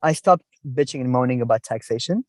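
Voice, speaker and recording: A man's voice: medium pitch, fast, no echo. A middle-aged man from the Middle East, talking casually in an interview, rambling and musing with frequent restarts.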